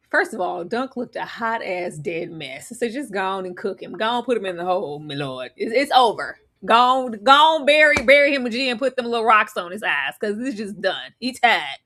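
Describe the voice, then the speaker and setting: A woman co-hosting a casual livestream show review, expressive and slangy, exclaiming as she reacts. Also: mid-range voice, normal speed. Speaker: co-host.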